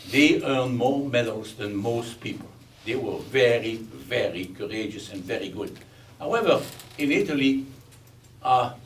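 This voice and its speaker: A man in his eighties with a Belgian accent, giving a speech with humor as a chuckling, animated storyteller. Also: medium pitch. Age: 80s. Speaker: guest speaker. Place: museum event hall. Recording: distant mic with faint background noise.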